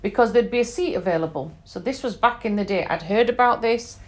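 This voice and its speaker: A woman's voice: a little high, a little fast. A British woman in her forties shares her own travel memories on a podcast. She speaks chattily, leans hard on the points she wants to land, and often drops in little asides to the listener. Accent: British English. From England. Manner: conversational, emphatic, lots of fillers and asides. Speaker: podcast host. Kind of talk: personal storytelling monologue.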